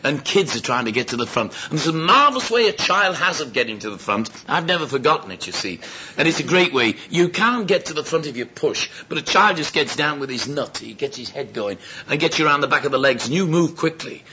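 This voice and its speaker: A man's voice: on the high side, fairly quick, slightly rough. A man preaching a sermon, telling stories and acting out the voices of the people in them. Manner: lively, acts out quoted voices. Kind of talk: sermon with storytelling. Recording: dull lo-fi sound with faint noise.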